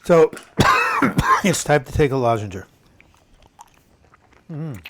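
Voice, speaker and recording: An older man with a dry cough hosts a relaxed live video chat. He has a mid-pitched voice and reads viewers' comments aloud as they come in. He breaks off into corny jokes between them. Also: unhurried.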